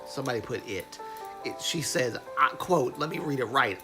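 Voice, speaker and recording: A young man with a cold, sniffling and congested, hosting a casual livestream and slowly reading news aloud with frequent restarts and self-corrections. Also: mid-range voice, expressive, over music. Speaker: livestream host.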